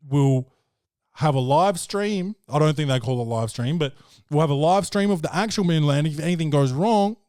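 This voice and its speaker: A man's voice: fairly high pitch, darkish tone, no room sound, studio quality. A man hosting a podcast, recapping a film in a brash, profane and joking way. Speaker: podcast host. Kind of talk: casual film review chat.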